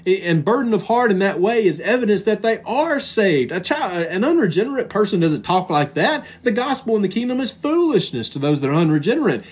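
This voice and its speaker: A man's voice: high-pitched, slightly rough. A man preaching a sermon in an earnest, emphatic way, reading scripture aloud. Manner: earnest, emphatic preaching, reads scripture in King James wording.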